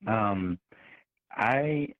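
A man calling in to a talk radio show, earnest and self-deprecating, with halting restarts. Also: on the low side, expressive, dry recording. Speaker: caller. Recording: phone line.

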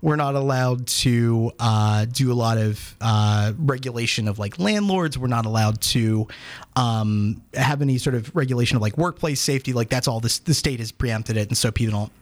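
A man in his thirties from the Pittsburgh area, a guest on a radio talk show. He rambles along at an ordinary pitch, filling pauses with plenty of "uh"s and "you know"s. He pokes gentle fun at himself as he goes. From Pittsburgh area, Pennsylvania. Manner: rambling, self-deprecating, lots of fillers. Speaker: academic guest. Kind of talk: casual radio interview.

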